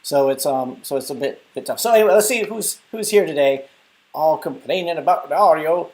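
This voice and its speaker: A man's voice: a little high, a little fast, darkish tone. A young adult man hosting a casual live stream, rambling and chatting through viewer comments. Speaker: live stream host and app developer.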